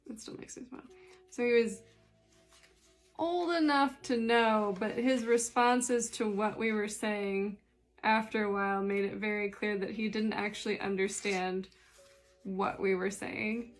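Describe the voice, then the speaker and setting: A woman's voice: mid-range voice, steady tone, a little slow, faint music behind. A young adult woman, a spiritual life coach, chatting casually with dry, sarcastic humor while reading tarot cards.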